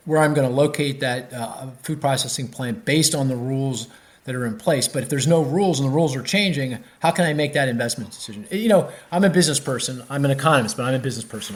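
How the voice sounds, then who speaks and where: A man, an economist guest on a podcast interview, explaining with animated restarts and many fillers. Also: medium pitch.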